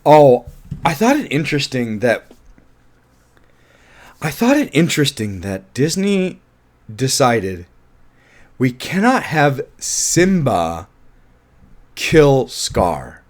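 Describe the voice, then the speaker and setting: A man casually reviewing a film, animated and laughing often, with offhand swearing. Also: medium pitch, slow pace, pauses often. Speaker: movie reviewer.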